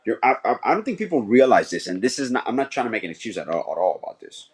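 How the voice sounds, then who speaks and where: A man's voice: medium pitch, very animated, racing, slightly rough. A man who coaches football, co-hosting a casual sports podcast and explaining plays earnestly.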